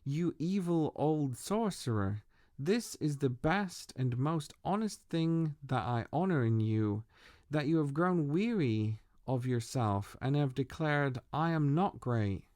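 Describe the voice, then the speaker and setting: A stern, lecturing prophet-sage, read aloud by a man. He speaks slowly and severely, his pitch ranging widely, in a dry, close sound. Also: expressive, darkish tone, no echo. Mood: gloomy.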